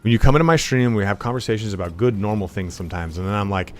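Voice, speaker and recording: A man's voice: on the low side, racing, darkish tone, slight background noise. A man streaming a game, telling profane, rambling anecdotes and acting out the voices in them. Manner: acts out voices in his stories. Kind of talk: casual chat while gaming.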